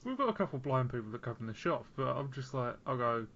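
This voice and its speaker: A man's voice: medium pitch, very animated, quick pace, a bit bright, lo-fi sound. A young man hosting a podcast, swearing and mocking in crude casual banter. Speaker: podcast host.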